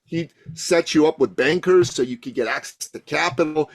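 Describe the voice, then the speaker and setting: A man guesting on a podcast as a coach, telling a story with passion and building to loud emphatic peaks. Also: on the high side, moderate pace, no echo. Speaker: guest, coach and thought leader.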